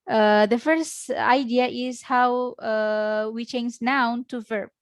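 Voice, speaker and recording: Indonesian-accented woman teacher, higher voice, dry close computer mic, patient and halting online lecture. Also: steady tone, no room sound. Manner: patient, explains word by word with many pauses. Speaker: English teacher.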